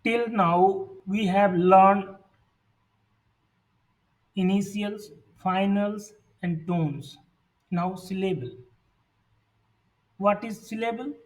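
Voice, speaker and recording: A man teaching a pronunciation lesson, reading the sounds out one by one in a deliberate way. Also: high-pitched, recorded from a distance, low-quality recording. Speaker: language teacher. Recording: voice set back from the mic.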